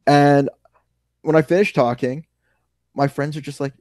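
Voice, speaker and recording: A man with a New York accent co-hosting a podcast, telling animated stories with some swearing. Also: a little high, a little slow, no echo. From New York suburbs. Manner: animated storyteller, ranting and swearing. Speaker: podcast co-host. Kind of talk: casual chat.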